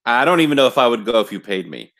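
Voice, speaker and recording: A man's voice: mid-range voice, big pitch swings, rapid-fire, fairly bright tone. A man co-hosting a casual wrestling podcast, sarcastic and emphatic in his banter. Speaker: podcast co-host.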